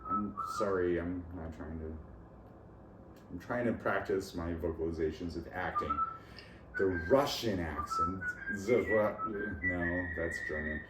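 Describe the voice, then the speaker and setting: Recorded far from the microphone in a noisy, echoing room, a man with a deep voice speaks at a measured pace. He's a vlogger musing on his own about accents and language lessons in a rambling, scattered way, chuckling at his own jokes.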